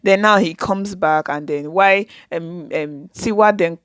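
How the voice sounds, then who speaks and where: A woman's voice: lowish voice, a little slow, clear, resonant tone, no room sound. A woman recapping an episode in a casual reaction video, talking straight to her viewers and acting out the characters' lines as she goes. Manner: chatty, keeps addressing the viewers as guys; retells scenes with lively quoted dialogue. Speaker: video reviewer.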